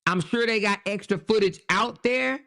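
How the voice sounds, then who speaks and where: A woman's voice: medium pitch, moderate pace, creaky, pushed and bright. Chatty woman host talking to viewers. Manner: conversational, repeats herself, keeps checking in with viewers. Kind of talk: casual commentary on a news story.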